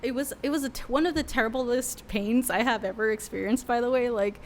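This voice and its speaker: A woman's voice: on the high side, brisk, a little hiss or hum. A young adult woman, a worship leader who is a podcast guest, telling a candid, emotional story with many fillers in a casual interview.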